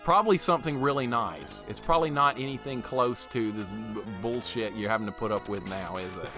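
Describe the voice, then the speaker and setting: A man's voice: lowish voice, brisk. A man from Alabama, chatting casually with viewers while streaming a game, reading chat aloud and laughing often. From Alabama, USA. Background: game music.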